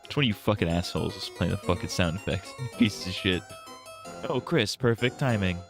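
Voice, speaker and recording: A man's voice: low voice, lively intonation, fairly quick, over loud music. A man streaming a video game live, riffing casually with crude jokes and swearing. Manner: crude, joking, riffing with frequent laughs and swearing.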